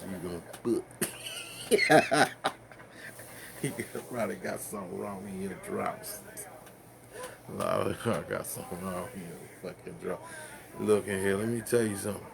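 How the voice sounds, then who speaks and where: A man's voice: sits low, steady tone, a little slow, vocal fry, long pauses, noisy background. A man ranting casually to the camera, rambling and profane, stumbling over fillers and laughing at his own jokes.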